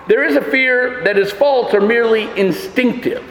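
Male pastor, high voice, emphatic sermon delivery, long church reverb. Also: moderate pace, fairly bright tone, slight background noise. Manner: emphatic, rises in pitch on fearful lines, wry asides. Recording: echoey church hall.

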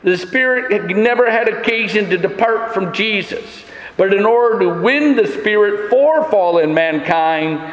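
A man's voice: sits high, animated, measured pace. A male pastor preaching a sermon emphatically, building his points through repeated phrases. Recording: echoey hall.

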